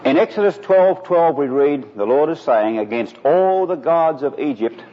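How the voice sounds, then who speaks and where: An earnest male preacher delivers a sermon, his husky voice building to emphatic peaks. The sound is muffled and lo-fi, with long reverb from a large hall. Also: a little high, expressive, normal speed.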